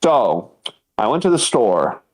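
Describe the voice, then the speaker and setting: A man's voice: medium pitch, very animated, slow pace, a little mellow. A man in his thirties co-hosting a casual comedy podcast. He tells stories with energy, acts out quotes and laughs often. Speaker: podcast co-host.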